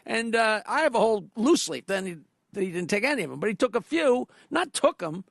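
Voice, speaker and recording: A man's voice: high-pitched, sing-song, a little fast, gravelly, fairly bright tone, no room sound, clean studio sound. A man guesting on a talk show, telling profane anecdotes with a laugh and frequent restarts. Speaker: guest comedy writer. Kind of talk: casual chat, telling anecdotes.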